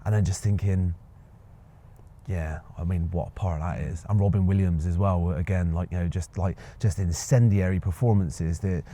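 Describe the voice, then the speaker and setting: A young man talks through an interview in a soft, mellow, lowish voice. He hesitates often, filling pauses with ums and uhs and restarting his sentences. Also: fairly even intonation. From Bristol, England. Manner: hesitant, many fillers and restarts. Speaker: actor, interview guest. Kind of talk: reflective casual conversation.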